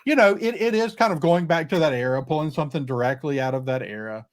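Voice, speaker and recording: A co-host speaks in a mid-pitched voice in casual chat. The talk is hesitant and full of ums and restarts. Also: animated, quick pace. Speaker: podcast co-host.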